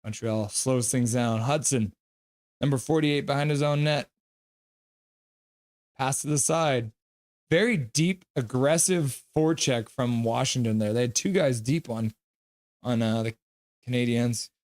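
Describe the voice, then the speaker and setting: This young male streamer speaks a little slowly, with long pauses, in a medium-pitched voice of darkish tone. He gives jokey, chatty hockey play-by-play and reacts to viewer comments by reading them out. The sound is dry and studio quality.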